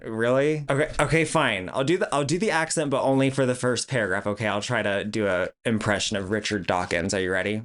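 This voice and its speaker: A man's voice: fairly low pitch, a little fast, hardly any pauses, loud music behind the voice. A man hosting a commentary video, blunt and sarcastic, mocking his subject as he reads and reacts. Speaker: video essay host. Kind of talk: commentary vlog.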